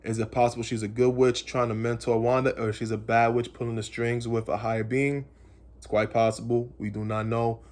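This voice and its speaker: A man's voice: medium pitch, level tone, a little fast, darkish tone. A man casually recapping a TV episode and theorizing about what comes next, rambling and repeating himself as he speculates. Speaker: comics channel host.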